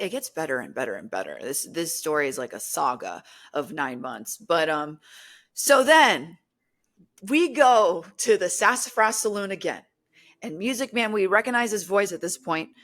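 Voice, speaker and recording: A young woman telling a story in casual podcast chat, animated, acting out quotes with lots of fillers. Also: on the low side, moderate pace. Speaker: guest, paranormal content creator.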